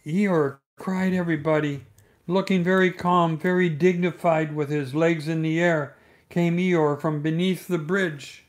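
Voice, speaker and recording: A man reading a bedtime story aloud at an unhurried pace. His voice sits slightly high for a man, and the delivery stays gentle and measured. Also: fairly even intonation.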